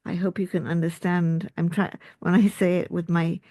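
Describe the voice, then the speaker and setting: Her delivery is flat and moderately paced, with a lowish, dark tone and no room sound. A middle-aged English doctor and school principal from the United Kingdom, she chats informally to camera about health, adding jokey asides.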